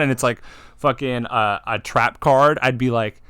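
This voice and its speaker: A man co-hosting a podcast, talking excitedly about card games, swearing and acting out game moments. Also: medium pitch, normal speed, clean tone, no room sound, clean studio sound. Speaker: podcast co-host. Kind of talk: casual chat.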